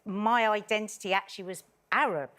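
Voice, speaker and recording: Woman on a daytime panel, sharp bright voice, lively storyteller. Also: mid-range voice, a little fast. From South London, England. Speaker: panelist on a daytime talk show. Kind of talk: casual panel chat. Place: television studio.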